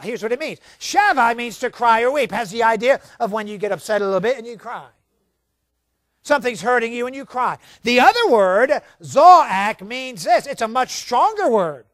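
A male preacher delivering a sermon with a high, lively voice that leaps between near-whispers and fervent shouts. The sound is dry and close, with no room behind it. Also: dry recording. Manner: swings from shouting to hushed, dramatic.

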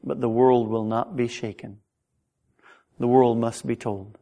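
A middle-aged man preaching a sermon in a church. His delivery is impassioned, with frequent stammered restarts, and his pitch climbs when he gets stirred up. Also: steady tone, measured pace, gravelly, dark tone. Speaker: pastor. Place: church sanctuary.

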